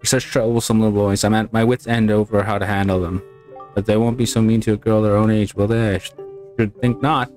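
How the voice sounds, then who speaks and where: A man's voice: on the low side, little pitch movement, a little fast, a little mellow, faint music behind, close to an everyday voice. A man reading aloud the lines of a flashy, fretful middle-aged woman schoolteacher from a video game, in a polite and fussy way. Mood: pleading.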